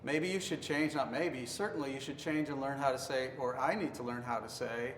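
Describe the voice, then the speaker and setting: A man's voice: medium pitch, fairly quick, few pauses, a bit bright. Earnest man teaching in an echoey hall. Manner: earnest, acts out accusing tones. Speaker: pastor. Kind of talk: marriage devotional teaching. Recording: roomy reverberant hall, faint noise.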